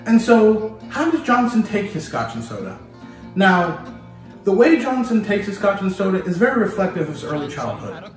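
Male history host, playful storyteller, slightly high voice, roomy distant sound, music under. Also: normal speed. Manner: lively, addresses listener directly, playful. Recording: very echoey room, distant mic, music behind.

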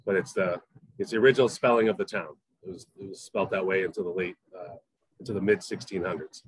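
A middle-aged man with a faint Southern accent talks casually about his work as a chef, rambling and restarting his sentences. His voice sits a little low, and the sound is dry and close. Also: steady tone, fast talker, slightly rough, dry recording, low-quality recording. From Massachusetts. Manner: rambling, many fillers and restarts. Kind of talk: casual interview chat.

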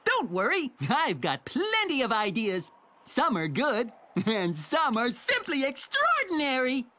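A woman voicing a cheerful, boastful little male mouse in a children's cartoon, excitable and often laughing. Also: sits high, measured pace, heavily acted. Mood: reassuring. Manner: bubbly and excitable, bragging playfully, laughing often. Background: music.

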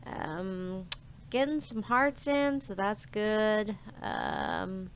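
A woman's voice: medium pitch, sing-song, extremely slow, gravelly, muffled recording, slight background noise. A woman hosting a let's play, chatting casually and rambling with many fillers as she plays. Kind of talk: casual gameplay commentary.

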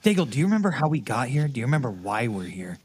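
A man voicing an idealistic young adventurer insisting on a higher mission. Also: big pitch swings, racing, breathy edge, dry recording. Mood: earnest.

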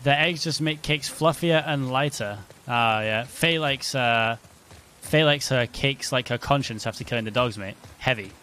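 A man streams a game and jokes with his chat in a loose, casual way. His voice sits at an ordinary middle pitch. Faint rain sounds from the game run underneath. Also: moderate pace, bright, forceful tone, slight background noise. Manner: joking banter with chat.

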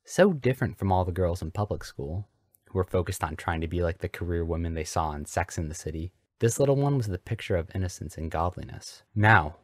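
Man, very deep voice, dry close sound, mock-earnest comedic story reading. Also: darkish tone, no room sound. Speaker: podcast host reading fanfiction aloud.

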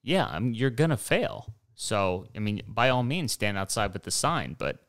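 Young guy rambling on his podcast, lowish smooth voice, dry close sound, swears a lot. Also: sing-song, moderate pace, fairly bright tone, no room sound. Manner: digressive, profane, mocking asides. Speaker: podcast host. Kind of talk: rambling solo monologue.

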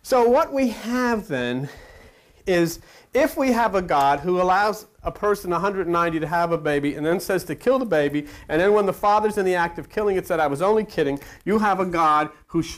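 A man giving a comic, mocking lecture and putting questions to his audience. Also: fairly high pitch. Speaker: speaker, lecturer.

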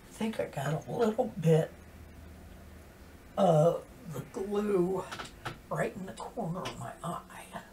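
Talking slowly with frequent pauses, this sixty-something woman has a lowish voice and lively intonation. She chats gently through a makeup tutorial, often dropping to half-whispers as she works, on a distant mic with a faint hiss.

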